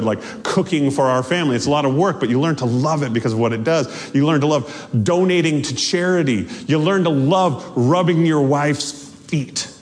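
A male pastor preaching a sermon in an animated, joking way, laughing often, in a church sanctuary. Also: mid-range voice. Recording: long hall reverb.

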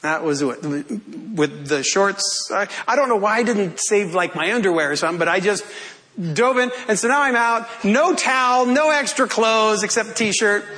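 Man, pastor, high voice, humorous self-deprecating sermon story. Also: animated, moderate pace, pushed and bright.

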